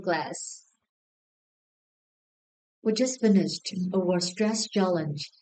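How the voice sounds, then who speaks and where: A woman with a Vietnamese accent teaching an English lesson, slow and deliberate, spelling out each word and syllable. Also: medium pitch, warm tone, poor audio. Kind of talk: scripted lesson narration.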